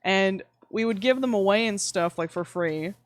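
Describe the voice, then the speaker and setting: A woman's voice: medium pitch, moderate pace, dry recording. Young woman, streamer, casual gaming chat, rambling, cursing, dry close mic. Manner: swearing, rambling, and animated with sudden outbursts. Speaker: livestreamer.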